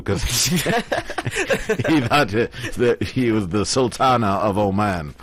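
Man, low voice, chat show host, casual, jokey, reads listener messages. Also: big pitch swings, measured pace, slightly rough. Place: broadcast studio in Asia.

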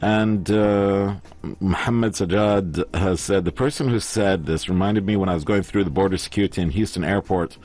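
A man with a low voice hosts a relaxed, jokey studio chat. He reads listener comments aloud and riffs on them with his co-hosts. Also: normal speed. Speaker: radio show host reading listener messages. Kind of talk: casual chat. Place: broadcast studio in Asia.

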